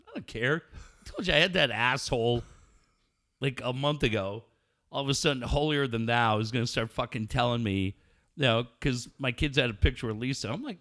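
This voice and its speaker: A man's voice: medium pitch, brisk, pushed and bright. A middle-aged man co-hosting a podcast in crude casual chat, profane and mocking, laughing often. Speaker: podcast co-host.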